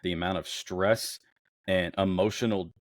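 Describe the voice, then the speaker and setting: A man's voice: sits low, unhurried, no room sound, studio quality. Heated, profane male sports podcaster. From Houston area. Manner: heated, profane, animated rants. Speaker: podcast co-host. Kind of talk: casual sports chat.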